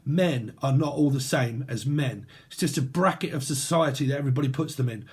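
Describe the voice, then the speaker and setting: A man's voice: medium pitch, fairly quick, darkish tone, breathy edge. A man from Britain giving a rambling, free-associating tarot reading, joking crudely and laughing as he goes. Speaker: tarot reader. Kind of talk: casual spoken tarot reading.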